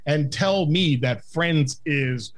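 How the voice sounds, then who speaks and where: A man's voice: on the high side, slow. A man, co-hosting a comedy podcast, opinionated and swearing, often repeating himself in casual banter. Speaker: podcast co-host.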